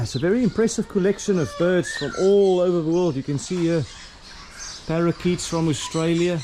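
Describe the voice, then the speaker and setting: A middle-aged travel vlogger chats casually on a walking tour of an outdoor bird park, cooing at the birds in a high sing-song voice as he goes. The outdoor clip is full of loud bird noise.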